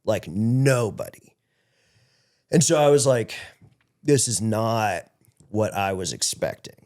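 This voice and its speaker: A man's voice: on the low side, animated, slow pace, a little mellow. A man guesting on a podcast, telling a long story in a rambling, casual way, with lots of filler words and swearing, on a studio microphone.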